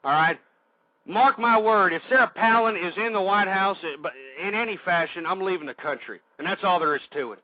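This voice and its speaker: A man hosting a radio show, ranting angrily and shouting insults at his listeners. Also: high-pitched, fairly quick, muffled recording. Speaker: radio host. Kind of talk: angry political rant.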